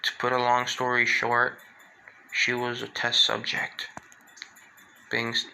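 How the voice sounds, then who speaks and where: Calm young hero read by a man, sharp gravelly tone, flat and slow delivery. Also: mid-range voice, slight background noise, full character voice, low-quality recording. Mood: somber. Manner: plain and halting, with restarts.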